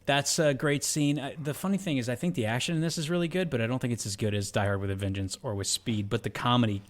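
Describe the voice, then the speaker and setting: A man's voice: mid-range voice, quick pace. A man co-hosting a casual movie review podcast, talking about a film with enthusiasm. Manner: enthusiastic, lively, generalizing with hedges. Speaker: podcast co-host.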